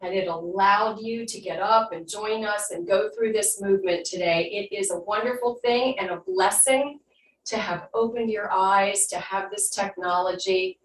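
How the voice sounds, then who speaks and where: Woman fitness instructor, unhurried soothing cues, slightly off-mic in a roomy space with a faint hum. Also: mid-range voice, recorded from a distance. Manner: calm guiding cues, then slow soothing breath work. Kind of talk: live online fitness class instruction.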